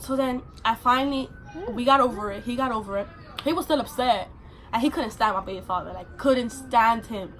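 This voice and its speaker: A woman's voice: a little high, fairly quick. A young adult woman vlogger telling a personal story in a casual, rambling way, full of fillers.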